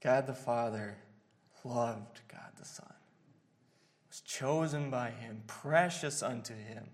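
A man preaching an expository sermon in an earnest, halting way, with many fillers and restarts. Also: medium pitch.

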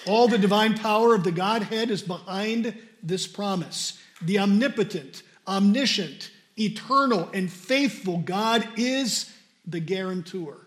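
High-voiced emphatic male preacher. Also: unhurried, a bit bright. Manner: emphatic, repeats key words for stress. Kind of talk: sermon with scripture reading.

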